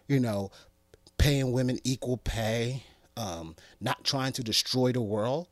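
A man hosting a comedy podcast, joking and acting out little scenes in a playful, animated way. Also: mid-range voice, unhurried, dry recording. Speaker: podcast host.

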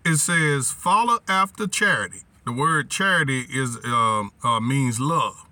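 A man's voice: medium pitch, animated, unhurried, bright, forceful tone, dry recording, distant mic. A man preaching a weekly teaching sermon, quoting scripture, repeating lines for the congregation to say back, and stumbling over words as he searches for verses. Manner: repetitive, call-and-response, scripture quoting; restarts and stumbles while thinking. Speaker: pastor.

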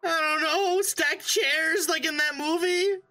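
A woman's voice: steady tone, slow, bright, forceful tone, soft background music, exaggerated voice. Woman doing a panicked sobbing thug. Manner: high frantic crying pleas. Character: panicked male thug begging for his life.

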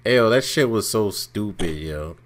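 A man co-hosting a podcast in casual, slangy chat, quick to laugh. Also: on the low side, lively intonation, crowd noise. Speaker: podcast co-host.

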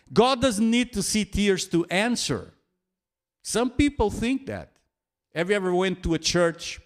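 A man delivering a sermon at an unhurried, deliberate pace. His voice sits a little higher than most men's. He speaks earnestly and now and then lets out a soft laugh. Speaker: preacher.

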